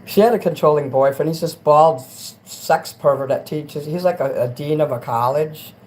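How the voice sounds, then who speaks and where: A man hosting a casual late-night livestream, rambling and crude, dropping to mutters and then rising into loud rants. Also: fairly high pitch, moderate pace, rough recording. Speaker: livestream host.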